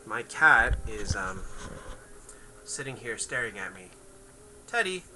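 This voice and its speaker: A man's voice: lowish voice, slow pace, pushed and bright, a little hiss or hum, rough recording. A man chatting casually on a game livestream, rambling to his viewers and his cat. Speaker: game streamer.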